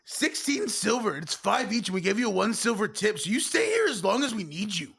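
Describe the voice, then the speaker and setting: A man's voice: high-pitched, big pitch swings, fairly quick, gravelly, a bit bright, breathy edge. A man playing a tabletop game, bantering and joking with the others. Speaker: player. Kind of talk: casual tabletop game chat.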